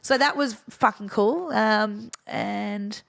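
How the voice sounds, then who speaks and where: A woman's voice: mid-range voice, slow, vocal fry, no echo, clean studio sound. A woman, a DJ chatting frankly in an interview, swearing freely and acting out what others said. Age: 50s. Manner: frank, swears freely, acts out quoted voices. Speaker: DJ guest. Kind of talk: casual interview chat.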